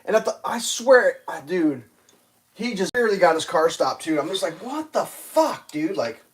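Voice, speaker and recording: Mid-range and at normal speed, the voice belongs to a streamer going live with traffic tales. The delivery is a rambling, swear-heavy rant stuffed with "like," animated throughout, as he performs other drivers in loud bursts.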